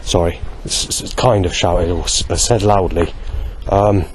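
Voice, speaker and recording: A man vlogging a spoken diary outdoors, halting and correcting himself as he goes. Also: low voice, steady tone, a little hiss or hum. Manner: halting, with many restarts and self-corrections. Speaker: vlogger recording a daily log.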